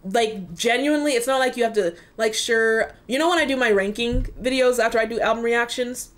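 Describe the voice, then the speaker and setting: A young woman chatting casually and excitedly as she reacts to an album at home. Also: fairly high pitch, brisk. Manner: excitable, squealing, laughing. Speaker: music reaction YouTuber.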